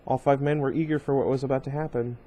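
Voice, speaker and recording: A man's voice: medium pitch, steady tone, fast talker, warm tone. A man casually reading a novel aloud at home, breaking off often for rambling side comments full of fillers. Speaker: reader of a book series.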